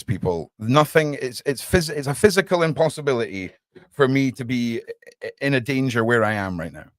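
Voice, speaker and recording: A man with a mid-range voice, recorded dry, hosts a casual livestream podcast. He talks animatedly to his viewers, calls the chat "mate," and swears casually now and then.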